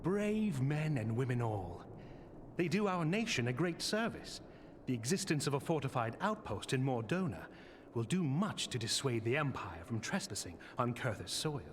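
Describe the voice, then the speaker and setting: Gracious, formal knight lord. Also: male voice, a little high, sing-song, moderate pace, a little hiss or hum. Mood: courteous.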